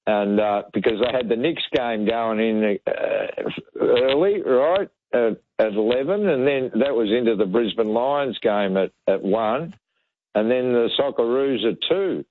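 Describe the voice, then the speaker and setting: A man's voice: medium pitch, expressive, a little slow. An Australian man calling in to a radio show, chatting in a rambling way with lots of fillers. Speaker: caller. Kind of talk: casual radio call-in chat. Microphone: phone. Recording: tinny phone line with hiss.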